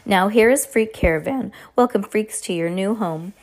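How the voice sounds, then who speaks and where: A woman's voice: mid-range voice, normal speed, darkish tone, lightly acted. A woman voicing a bossy foreign fortune-teller who speaks broken English and tacks "please" onto her orders. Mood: commanding.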